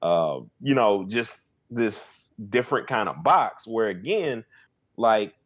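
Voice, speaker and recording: A man's voice: lowish voice, lively intonation, slow pace. A man co-hosting a podcast in casual chat, rambling with lots of fillers and restarts. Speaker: podcast co-host.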